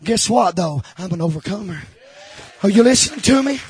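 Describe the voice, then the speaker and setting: A man preaching a sermon, emphatic and repetitive, swinging from shouted lines to hushed confession. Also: high-pitched, expressive, fairly quick, husky. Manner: emphatic, repeats phrases.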